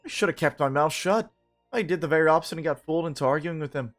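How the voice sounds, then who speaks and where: A man's voice: a little high, fast talker, faint music behind, close to an everyday voice. A man voicing a young male player character in a game, telling his story ruefully.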